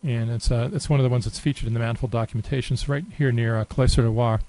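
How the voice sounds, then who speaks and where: A man giving a relaxed, unscripted screen-recorded software tutorial, thinking aloud with many fillers. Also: mid-range voice, fast talker, poor audio. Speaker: software demonstrator.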